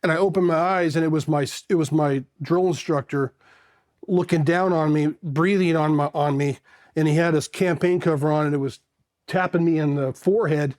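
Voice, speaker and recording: High-voiced man telling stories animatedly. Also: moderate pace. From South Pasadena, California. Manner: animated, acts out voices in his anecdotes and laughs often. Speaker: Marine Corps veteran. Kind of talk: casual storytelling.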